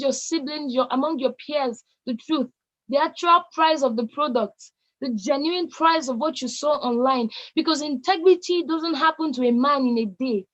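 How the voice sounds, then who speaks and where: A woman's voice: sits high, highs cut off. A Nigerian woman in her late teens giving an emphatic, repetitive motivational speech to young people. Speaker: youth speaker.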